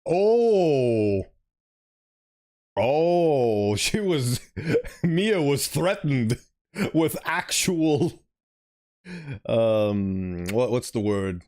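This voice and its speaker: A man's voice: medium pitch, lively intonation, extremely slow, pauses often, a little mellow. A man streaming a story game, reading it aloud and chatting animatedly, sometimes fumbling for words.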